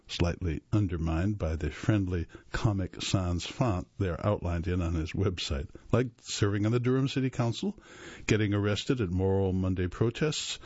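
Low husky man reading aloud. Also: dry recording, muffled recording. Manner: steady, measured reading with occasional stumbles and self-corrections. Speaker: radio reading service host. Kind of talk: reading a magazine article aloud.

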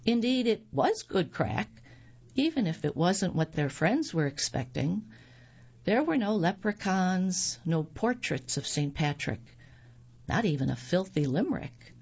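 A woman tells a personal story slowly and with plenty of lilt, her voice low and a little husky. Her delivery is wry and gently humorous. The recording sounds dull and lo-fi. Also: sing-song.

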